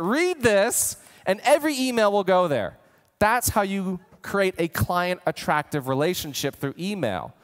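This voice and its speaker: A man giving an energetic marketing training talk, animated and acting out imagined customers. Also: sits high, big-room sound. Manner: animated, voices imagined customers, gets worked up. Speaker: marketing coach.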